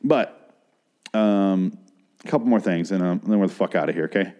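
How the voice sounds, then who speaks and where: Man, 30s, podcast host, casual monologue, rambling, profane, low-pitched, mellow tone. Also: normal speed. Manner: rambling and profane, with crude asides.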